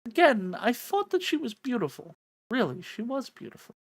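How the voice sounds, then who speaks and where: A woman reading a visual novel aloud, an expressive reader who breaks off to swear and joke, on a close mic. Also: a little high, normal speed, slightly rough, dry recording. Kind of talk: reading a game's narration aloud with live reactions.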